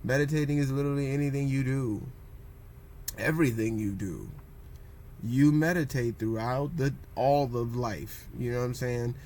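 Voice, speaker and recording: A man's voice: medium pitch, normal speed, a little mellow. A man talking casually and rambling about meditation and posture, often asking "you know what I'm saying" and acting out what others say. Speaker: vlogger.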